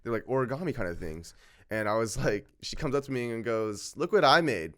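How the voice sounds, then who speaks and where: Giggly young man with a lively voice. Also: fairly low pitch, brisk, clear, resonant tone. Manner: giggly, animated storyteller. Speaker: podcast guest. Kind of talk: casual podcast chat.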